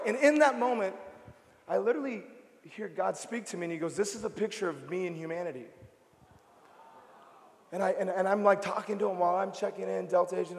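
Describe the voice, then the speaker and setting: Guest pastor, thirties, animated comic sermon, high voice, long hall echo. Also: male voice, fairly quick, vocal fry, pauses often. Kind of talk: lively comedic sermon. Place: large church auditorium. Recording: reverberant hall.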